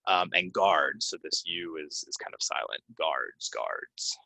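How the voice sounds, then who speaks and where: Deep-voiced man teaching pronunciation. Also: creaky, sharp tone, no echo. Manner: reads example sentences, then repeats and stresses single words slowly. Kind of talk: pronunciation lesson. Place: Orlando, Florida.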